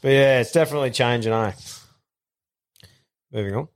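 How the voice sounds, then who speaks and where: A man's voice: medium pitch, moderate pace. Man, podcast host, mid voice, casual blunt chat, lots of swearing. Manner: blunt, swearing, laid-back.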